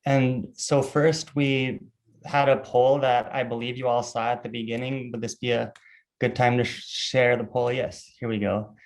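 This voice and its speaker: Young male student moderator; careful, measured delivery of prepared text, a few ums; mid-range voice. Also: mid-range voice, flat delivery, poor audio. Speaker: student group officer, moderator. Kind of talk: reading definitions at a webinar.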